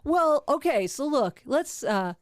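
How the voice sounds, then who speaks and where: A woman's voice: sits high, sing-song, takes it slowly, dry recording. Older woman host, casual comic chat, dry close mic. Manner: laughs often, self-deprecating. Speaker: comedian podcast host. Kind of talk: casual comedy podcast chat. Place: at home.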